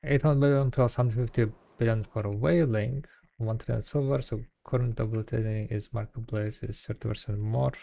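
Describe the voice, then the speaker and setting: A man streaming a game, chatting casually with viewers and thinking aloud in an unhurried way. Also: medium pitch, fairly even intonation, vocal fry, mellow. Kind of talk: casual live-stream chat.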